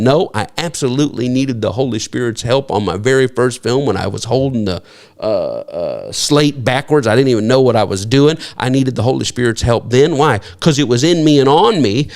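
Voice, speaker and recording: A middle-aged male pastor preaching with force and conviction. He stumbles, repeats himself and restarts often, then breaks off to ask his listeners rhetorical questions. His voice sits at an ordinary male pitch and climbs when he acts out imagined people. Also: expressive, normal speed, darkish tone. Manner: emphatic, repeats words and restarts, asks the congregation "What?". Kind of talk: sermon.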